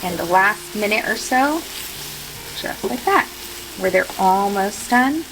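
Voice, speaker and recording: A woman's voice: medium pitch, lively intonation, slow, background noise. Chatty woman cooking at home. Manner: chatty and self-deprecating, joking asides. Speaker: cooking show host. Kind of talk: casual cooking demonstration. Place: home kitchen.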